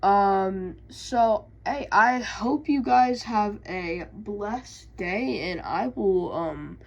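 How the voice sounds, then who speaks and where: A woman's voice: medium pitch, very slow, creaky, highs cut off. A woman casually recapping video game lore, hesitant, with many fillers and self-corrections. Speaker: YouTube creator.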